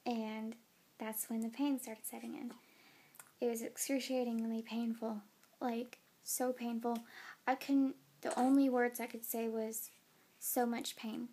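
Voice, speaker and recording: A young woman with a somewhat high voice tells her story into a phone camera. She sounds tired and yawns now and then. She talks casually, with plenty of fillers. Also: flat delivery, a little slow, mellow. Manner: chatty, many "like" and "um" fillers. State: tired, yawning. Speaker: new mother.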